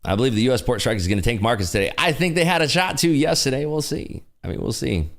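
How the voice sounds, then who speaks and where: A man's voice: medium pitch, very animated, quick pace, creaky, a bit bright. A man hosting a casual livestream, joking and teasing as he reads out the chat. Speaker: livestream host.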